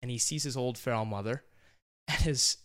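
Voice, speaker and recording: A man co-hosting a book review podcast, excitable and prone to loud shouting bursts. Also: medium pitch, normal speed. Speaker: podcast co-host. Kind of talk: casual book review chat. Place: podcast studio.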